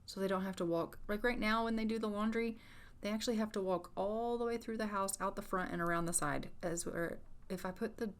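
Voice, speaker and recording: A woman's voice: medium pitch, fairly even intonation, fairly quick. A woman recording a casual voiceover for a life-sim game playthrough, chatty and teasingly exasperated. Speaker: gameplay narrator. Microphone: voiceover recorded after gameplay.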